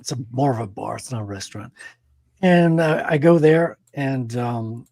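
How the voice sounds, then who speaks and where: A man's voice: medium pitch, moderate pace, vocal fry, a little mellow, no echo. A man in his forties from Quebec with a French Canadian accent, casually telling rambling stories as a podcast host. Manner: rambling anecdotal storyteller. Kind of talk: casual chat.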